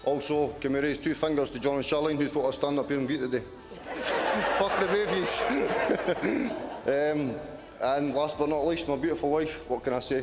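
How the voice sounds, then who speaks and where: A man's voice: on the high side, fairly even intonation, moderate pace. A young Scottish man, the groom, giving his wedding speech in a nervous, sweary way, laughing between lines. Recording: loud crowd and music over the speech. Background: crowd and music.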